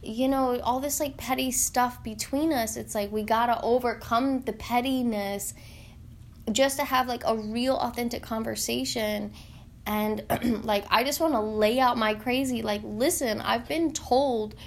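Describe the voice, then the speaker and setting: A woman in an earnest, heartfelt spiritual monologue, halting and searching for words with many fillers. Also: a little high, steady tone, a little hiss or hum.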